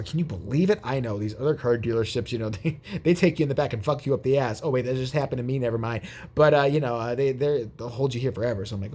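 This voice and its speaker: A man's voice: fairly high pitch, big pitch swings, quick pace, darkish tone. A man vlogging, telling a rambling, profane, jokey story in casual chat.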